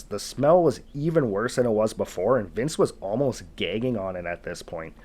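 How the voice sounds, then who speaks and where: A man's voice: on the low side, moderate pace, darkish tone. A man narrating a retold wilderness encounter in a casual, conversational way, building suspense as he goes. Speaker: storytelling channel host. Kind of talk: narrated retelling of an encounter story.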